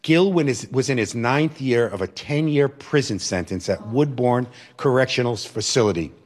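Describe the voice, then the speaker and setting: Animated man telling a story. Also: medium pitch, moderate pace. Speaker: former teacher and religious brother. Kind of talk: personal storytelling talk.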